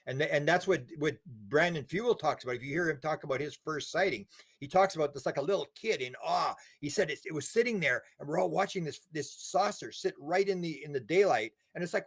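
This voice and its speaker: An older man, a guest in a casual interview, telling animated stories with many restarts and repeated words. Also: fairly high pitch, fast, vocal fry, breathy edge. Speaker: interview guest, UFO researcher.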